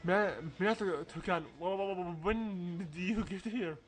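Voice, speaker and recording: A man's voice: sits high, unhurried, faint music behind. A man reading game dialogue aloud, voicing an anxious teenage schoolboy in a put-on accent and stumbling over the lines. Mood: flustered.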